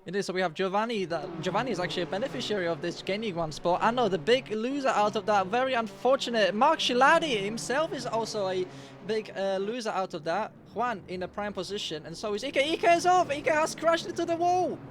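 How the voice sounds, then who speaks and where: Man, co-commentator, high pitch, analytical, steady, faint background noise. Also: quick pace. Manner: steady analytical, opens turns with "indeed". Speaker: race co-commentator. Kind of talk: live sim racing commentary.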